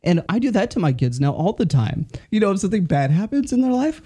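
A man's voice: high voice, sing-song, fast, dark tone, husky. A man co-hosting a comedy podcast, bantering playfully and in mock earnest. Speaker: podcast co-host.

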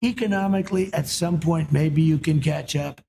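A man's voice: a little high, moderate pace, creaky, warm tone, a little hiss or hum. An older man answering in a TV interview, boastful and repetitive, leaning hard on emphatic claims.

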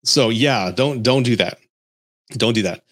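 A man's voice: medium pitch, unhurried. Blunt man telling a wild story. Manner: animated, blunt, swears freely. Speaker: podcast host. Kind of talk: storytelling and dating advice.

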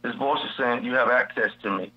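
A man's voice: medium pitch, steady tone, fairly quick, husky, lo-fi sound. A man teaching from the Bible in a preacherly style on a radio show, repeating his key phrases. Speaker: guest preacher.

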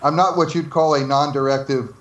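A man's voice: a little high, fairly even intonation, a little fast, roomy sound, highs cut off. A man from New Jersey telling stories as an interview guest, laughing often and acting out the dialogue he quotes. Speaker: interview guest, former game developer. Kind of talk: casual storytelling interview.

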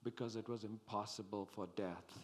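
A man preaching a sermon, slow and dramatic, rising to loud exclamations and dropping to hushed tones. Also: fairly low pitch, fairly even intonation.

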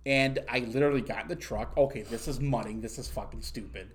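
A young man tells a long story in loose, rambling bursts, laughing at himself as he goes. His pitch sits right in the middle for a man, and the talk is casual and full of fillers. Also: quick pace, slight background noise. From Massachusetts. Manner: rambling, laughing, self-mocking.

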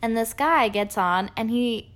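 A young woman co-hosting a podcast, chatting casually with lots of "like" and expressive storytelling. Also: on the high side, measured pace. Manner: expressive, lots of "like", swooping intonation. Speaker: podcast co-host. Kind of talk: casual chat.

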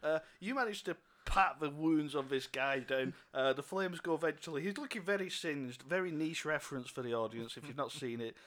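A man's voice: on the high side, brisk, few pauses, fairly bright tone, a little hiss or hum. A man narrating a tabletop game as game master, loose and chuckling with many fillers.

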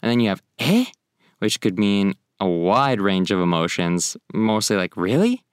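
A man teaching a casual online language lesson, demonstrating phrases with exaggerated, animated intonation. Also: sits low, moderate pace, clean tone, dry recording, studio quality.

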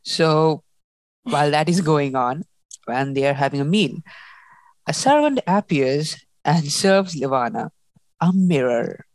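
A young woman in casual book chat, animated and laughing often as she acts out lines. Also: low-pitched, unhurried, dry recording. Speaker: book discussion host.

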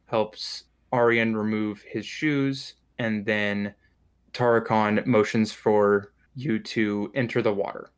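Male game master narrating a tabletop game, relaxed and descriptive. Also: on the low side, slow pace, clean tone. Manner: loose, descriptive, with fillers and restarts.

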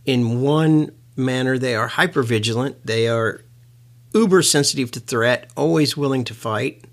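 Male lecturer, mid-pitched, earnest and emphatic, a reflective teaching talk. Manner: earnest, emphatic, slows down for key words. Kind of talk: educational talk.

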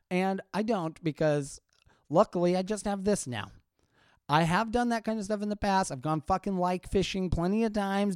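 A man's voice: a little high, smooth, no room sound, clean studio sound. A man hosting a podcast, ranting casually with lots of swearing and short laughs. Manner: profane, sardonic rant with frequent laughs. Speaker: podcast host and stand-up comedian.

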